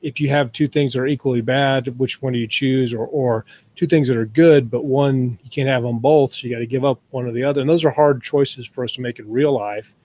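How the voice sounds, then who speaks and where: A man's voice: medium pitch, fairly even intonation, fairly quick, few pauses, a little mellow. Thoughtful man in casual podcast talk. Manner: thoughtful, explains ideas at length.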